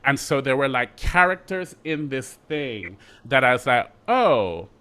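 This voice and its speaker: A middle-aged Jamaican man, an actor being interviewed, telling his story in a lively way with quick asides and restarts. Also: medium pitch, clear, resonant tone. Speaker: actor guest.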